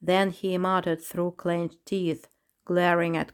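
A woman narrating a children's storybook in a measured, unhurried reading voice. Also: fairly low pitch, flat delivery, clean tone.

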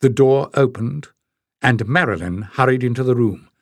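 A man's voice: mid-range voice, moderate pace, no room sound. Man reading a story, dry and close. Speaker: audiobook narrator. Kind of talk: scripted narration.

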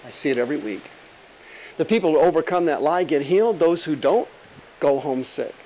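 A male pastor preaching an animated, emphatic sermon full of rhetorical questions and jokes. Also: on the high side, brisk, low-quality recording.

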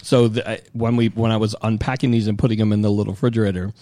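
Rambling podcast host, low dry voice. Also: male voice, flat delivery, rapid-fire, dark tone, no echo. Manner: loose, rambling, swears casually. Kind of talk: casual chat. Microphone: close mic, eating near it.

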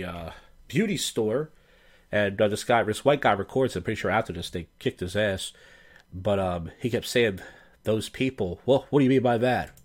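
A man hosting a casual commentary show on viral clips, talking in a blunt, profane, sardonic way. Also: lowish voice. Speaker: host.

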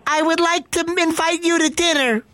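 A man prank-calls in an extremely high, shrill voice, so high he keeps being mistaken for a woman. His tone is bright and piercing. He whines and rants in mock indignation. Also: steady tone, moderate pace, dry recording. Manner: whiny, indignant, ranting. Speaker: prank caller. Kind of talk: prank phone call.

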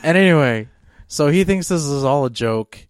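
Smooth-voiced man rambling through a story. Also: on the high side, animated, moderate pace, no room sound, studio quality. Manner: rambling, full of fillers and restarts. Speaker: podcast co-host. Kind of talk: casual storytelling on a podcast.

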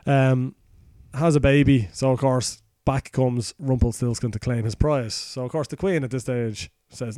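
Irish man, podcast host, loose sweary storyteller, warm dark tone, dry close sound. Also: mid-range voice, steady tone, unhurried, hardly any pauses, dry recording. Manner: crude, sweary, rambling retelling. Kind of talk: casual comic storytelling.

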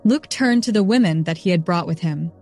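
A woman narrating a story in an even, steady reading voice. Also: lowish voice, fairly quick, faint music behind. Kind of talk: scripted narration.

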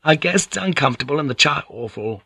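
A man's voice: fairly high pitch, expressive, brisk, vocal fry, pushed and bright, slightly rough, dry recording, clean studio sound, pitched above the performer's own voice, heavily acted. A man voicing a sour, complaining old woman who grumbles impatiently.

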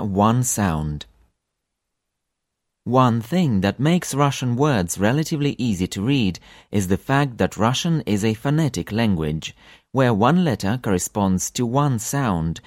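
A man teaching a language lesson for an audiobook, repeating example words slowly with long drawn-out vowels. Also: medium pitch, a little mellow, dry recording, studio quality.

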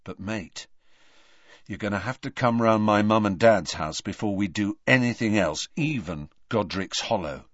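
A man voicing a loyal, blunt and excitable teenage boy in a raised, eager voice. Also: normal speed, dry recording, close to an everyday voice. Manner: eager, raised pitch, informal. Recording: slightly dull, dry audiobook recording.

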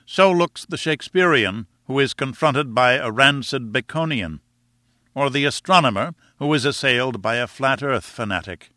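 A man reading a classic novel aloud in measured, expressive storytelling narration. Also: medium pitch, no room sound, clean studio sound. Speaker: audiobook narrator. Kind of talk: scripted narration.

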